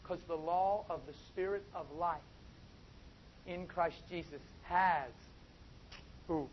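A man preaching a sermon, swinging from soft asides to loud, drawn-out emphatic phrases. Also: on the high side. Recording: dull, lo-fi with faint noise.

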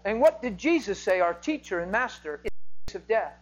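Man preaching, from shouts to whispers. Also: high voice, animated, moderate pace, low-quality recording. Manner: swings from loud, emphatic preaching to hushed whispers. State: emotional. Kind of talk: sermon.

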